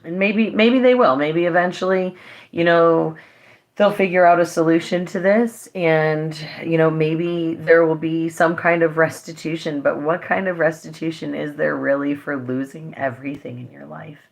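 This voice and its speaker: Speaking at a normal speed in a deep, steady voice, a woman vlogger gives a direct-to-camera update to her viewers. She is earnest and impassioned, emotional and fighting back tears.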